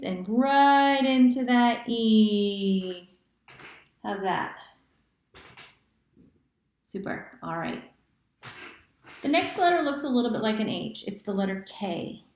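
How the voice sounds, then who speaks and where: Woman handwriting teacher, unhurried, stepwise chanting delivery, roomy echo. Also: medium pitch, darkish tone. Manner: slow, chanting stroke names step by step. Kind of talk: handwriting lesson. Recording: echoey room.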